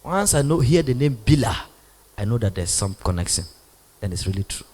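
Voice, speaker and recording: Animated man preaching in a reverberant hall. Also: on the high side, a little fast. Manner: animated preaching with loud bursts and sudden drops to a hush. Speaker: prophet preaching. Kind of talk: sermon.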